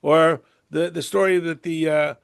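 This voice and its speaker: Gravelly high-voiced man teaching a class. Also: unhurried. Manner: animated, acts out quotes in raised voices; rhetorical questions and conversational asides. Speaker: Torah teacher. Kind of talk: Torah class lecture.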